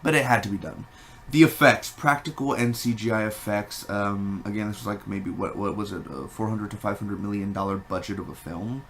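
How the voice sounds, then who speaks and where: A man giving a casual spoken movie review, rambling and animated, with many fillers and restarts. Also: on the low side, brisk, slight background noise.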